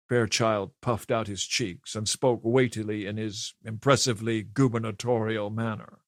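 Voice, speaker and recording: A man reading an audiobook as narrator in a measured, even storytelling manner. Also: fairly low pitch, no echo, studio quality. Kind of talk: scripted narration.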